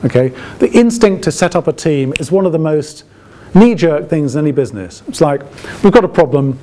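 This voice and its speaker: A man lecturing an audience in a loose, chatty way, his voice sitting a little high for a man. He keeps checking in with rhetorical questions and slips in dry, ironic jokes. A faint hiss of noise sits under the recording. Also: lively intonation, a little fast, mellow. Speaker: guest lecturer. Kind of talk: open lecture to alumni.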